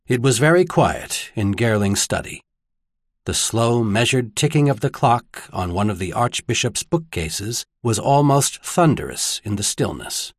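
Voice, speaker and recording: A man narrating an audiobook with expressive storytelling delivery. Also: mid-range voice, unhurried, husky, no echo, clean studio sound. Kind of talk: scripted narration.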